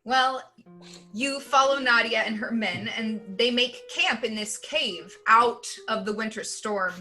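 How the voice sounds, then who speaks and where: A woman with a bright, fairly high voice narrates as game master for a tabletop game. Her delivery is casual and chatty, with plenty of fillers along the way. Faint music plays behind her. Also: unhurried.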